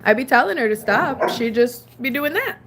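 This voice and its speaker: A woman's voice: a little high, normal speed, heavy background noise. A woman chatting casually on a live stream at home, answering her viewers and scolding her dog between remarks. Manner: chatty, reads and answers chat. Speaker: livestreamer.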